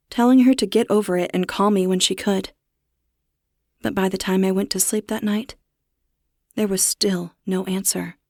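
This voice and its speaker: A woman reading a first-person horror story as narrator, steady with a tense edge. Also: mid-range voice, vocal fry, dry recording, clean studio sound.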